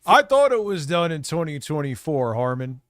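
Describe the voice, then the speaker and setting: A man live-streaming, rambling and reacting loudly in casual, profane commentary. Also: a little high, big pitch swings, normal speed, no echo, studio quality.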